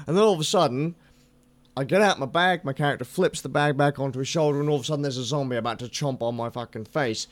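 A man's voice: medium pitch, fast talker, no echo. A man, co-hosting a podcast and talking bluntly about video games. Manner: relaxed, blunt gamer talk with swearing. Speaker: podcast co-host. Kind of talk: casual chat.

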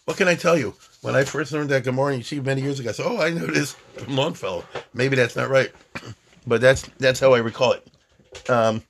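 A man's voice: medium pitch, steady tone, brisk, gravelly, fairly bright tone, a little hiss or hum. A man teaching Talmud in a chatty, digressive lecture style, often restarting his sentences.

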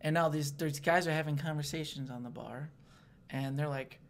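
A man's voice: fairly high pitch, normal speed, a little hiss or hum. A young man talks casually about life as a stand-up comic. He tells his stories with energy and acts out the voices of hecklers and hosts. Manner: animated storyteller, acts out hecklers. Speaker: stand-up comedian. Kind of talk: casual chat.

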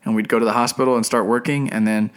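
A young man co-hosting a podcast tells a personal story in an easy, chatty way. He slips into the voices of the people he quotes. His voice sits at a middling pitch. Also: fast talker, smooth. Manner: animated, acts out quoted people. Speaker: podcast co-host. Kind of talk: casual storytelling chat.

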